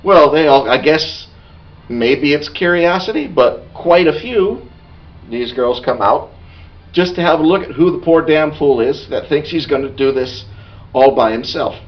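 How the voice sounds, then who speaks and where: A man's voice: on the high side, animated, a little slow, distant mic, dull audio. A man playing a boastful, bawdy male dwarf warrior who tells a rambling tavern tale in character. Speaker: player telling an in-character story. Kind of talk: in-character storytelling.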